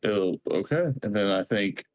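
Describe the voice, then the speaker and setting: A man's voice: on the low side, expressive, normal speed. A man taking part as a player in a tabletop game, talking hesitantly with stammers. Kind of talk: casual tabletop role-play.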